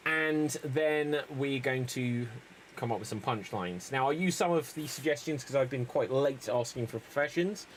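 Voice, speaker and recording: A man's voice: medium pitch, measured pace, slight background noise. A man hosting an improv comedy show, rambling and mocking himself.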